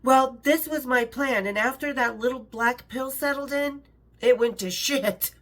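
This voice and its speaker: Reading from her memoir at an unhurried pace, this middle-aged author speaks in a high, somewhat bright voice. She keeps breaking off to chat, laugh and interrupt herself between passages.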